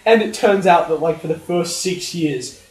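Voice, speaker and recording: Young dude guesting on a podcast, high voice, cusses and laughs, echoey room. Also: male voice, moderate pace, darkish tone. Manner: swears, laughs while talking. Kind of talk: casual chat.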